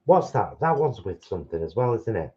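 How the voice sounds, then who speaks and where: A man's voice: fairly low pitch, big pitch swings, brisk, dark tone, dull audio. A man, co-hosting a casual live stream from home and rambling chattily through his day. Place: home, at a table.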